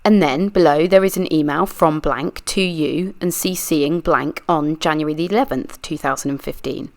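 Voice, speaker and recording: Her voice sits low and moves at normal speed. She is a true crime channel reader doing a read-aloud deposition reenactment, voicing a persistent adult lawyer who questions a witness methodically and insistently.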